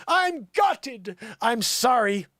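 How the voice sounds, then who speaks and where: A tearful, apologetic British pop diva in a wobbly mock cockney accent, as a man hams it up. The voice sits high and swings widely, and it sounds close and dry. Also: sing-song, extremely slow, pushed and bright, dry recording, exaggerated voice. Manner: clumsy mock cockney accent, keeps breaking off.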